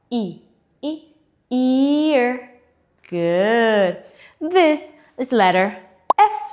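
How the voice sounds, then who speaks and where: A woman leads a children's phonics lesson, drawing out each letter sound at a very unhurried pace. Her pitch swings widely as she praises and invites the little ones to repeat after her. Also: a little mellow. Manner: slow, clearly articulated, exaggerated letter sounds; encouraging, repeats and invites kids to join in. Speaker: English teacher for children.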